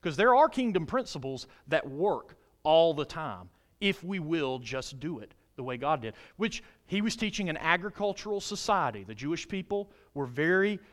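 Preaching in a church, this male pastor speaks in a high voice with big swings in pitch at a normal speed. He climbs to emphatic peaks, sinks low and quiet, and keeps asking the congregation questions.

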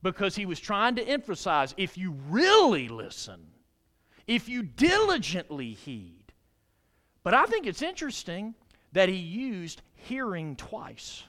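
A male pastor preaching in a church, his voice sitting high and swinging widely in pitch. He climbs to emphatic peaks, then sinks low and quiet, and keeps putting questions to the congregation. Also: huge pitch swings, a little slow. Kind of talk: sermon.

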